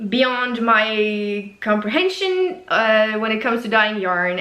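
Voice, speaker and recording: Her voice is on the high side with a sharp tone, heard in an echoey room. She's a Norwegian-speaking knitwear designer hosting a relaxed video podcast, gushing enthusiastically and poking fun at herself.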